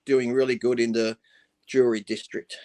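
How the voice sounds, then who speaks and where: A man's voice: mid-range voice, flat delivery, normal speed, darkish tone, slight background noise. A man co-hosting a casual chat, telling jokes and stories in a loose, offhand way. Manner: loose, joking storyteller. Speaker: regular co-host.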